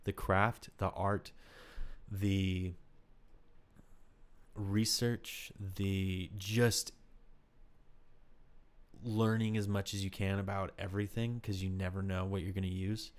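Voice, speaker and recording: A man with a fairly low voice tells a story from his acting life in a casual interview. He speaks candidly and rambles, leaning on "like" as he searches for words. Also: little pitch movement, slow pace, pauses often. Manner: candid, rambling with many "like" fillers. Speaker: actor.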